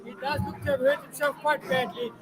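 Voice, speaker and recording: A man's voice: extremely high pitch, flat delivery, a little fast, heavy background noise. A man giving casual live commentary on a rugby match, chatting with his viewers as he goes. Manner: chatty, talks to viewers and chat. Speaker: fan streaming live commentary. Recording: loud match crowd and music behind. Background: stadium crowd and music from the broadcast.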